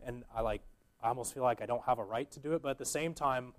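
A man's voice: mid-range voice, fast. A young man giving an earnest, informal sermon as a guest preacher, with many fillers and restarts.

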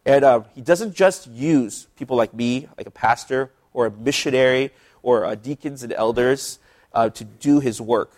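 A man who is a pastor, leading a casual Bible study in a relaxed, chatty way with lots of asides. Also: mid-range voice, moderate pace.

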